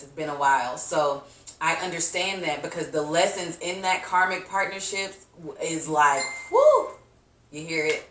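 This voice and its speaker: A woman's voice: low-pitched, a bit bright, reverberant, far from the mic. A woman giving a casual tarot reading to her viewers, chatty and slangy, laughing often and acting out reactions. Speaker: tarot reader.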